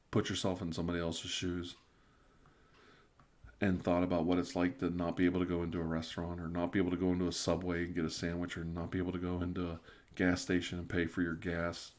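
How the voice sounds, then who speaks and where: A middle-aged man with a lowish voice chats loosely on a live stream, a little drunk. He rambles, trips over restarts, and slips into quiet whispers now and then. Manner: rambling, stammering restarts, drifting into soft whispers. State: tipsy. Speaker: ASMR live stream host. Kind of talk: casual live stream chat, reading viewer comments.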